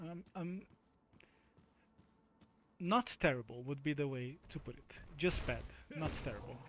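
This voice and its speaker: A man's voice: a little high, a bit bright, a little hiss or hum. Chatty self-mocking male game streamer. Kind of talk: live gameplay commentary talking to chat.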